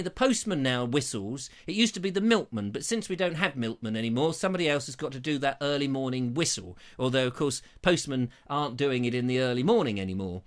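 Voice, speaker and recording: A man hosting a live show, rambling jokily through viewer comments with theatrical swings in pitch. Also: clean tone. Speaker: host. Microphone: lapel mic.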